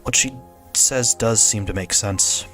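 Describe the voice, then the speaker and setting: A man streaming, reading a visual novel aloud in steady first-person narration, now and then restarting a phrase. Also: fairly low pitch, measured pace, soft background music.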